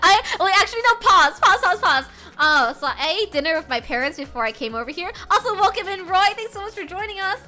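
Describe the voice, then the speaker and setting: A young woman streaming from home, chatting casually with her viewers, bubbly and swinging between soft murmurs and loud excited bursts. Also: extremely high pitch, quick pace, few pauses, faint music behind.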